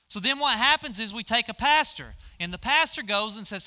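A man's voice: high voice, animated, fairly quick, hardly any pauses, sharp tone. A middle-aged male pastor preaching a folksy sermon, directing volunteers through a live demonstration on stage.

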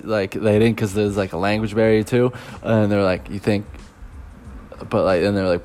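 Young male teacher abroad, low deep voice, relaxed rambling vlog storyteller with fillers. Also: a little fast. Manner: rambling, loose, with many fillers and chuckles.

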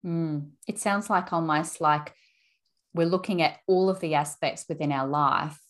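A woman interviewer with a slightly low voice, affirming and chatty. She repeats and restarts her words as she shares an anecdote in conversation. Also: a little slow. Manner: warm-hearted affirming, storytelling with restarts. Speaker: interview host.

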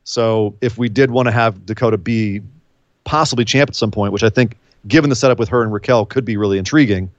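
A man co-hosting a podcast in casual chat, animated, with incredulous outbursts and quick asides. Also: on the low side, dry recording. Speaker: podcast co-host. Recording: dull, lo-fi dry sound.

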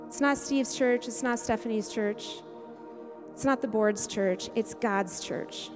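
A woman pastor preaching a sermon in a church, earnest and conversational with quick asides to the congregation. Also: on the high side, long reverb tail, music in the background. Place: church sanctuary.

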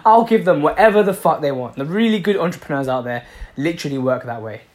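A man's voice: fairly high pitch, lively intonation, fast. A man giving a passionate motivational talk, repeating himself for emphasis and swearing freely. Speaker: motivational speaker.

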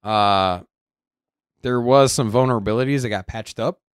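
A man co-hosting a casual podcast, talking in an animated way with many halting restarts. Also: medium pitch, clear, resonant tone, no echo, clean studio sound. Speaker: podcast co-host.

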